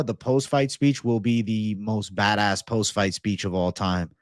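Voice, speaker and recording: A young man hosting an MMA livestream, chatting casually and reading comments in a profane, excitable bro style. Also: fairly low pitch, measured pace, few pauses, dry recording, clean studio sound. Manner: profane, excitable, laid-back bro talk.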